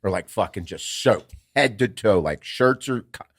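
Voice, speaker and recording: A man with a somewhat low voice talks loosely on a podcast, swearing freely and rambling through jokes. The sound is dry and close, with no room around it. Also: lively intonation, moderate pace, no echo. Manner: profane, joking, rambling. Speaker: podcast co-host. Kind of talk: casual chat.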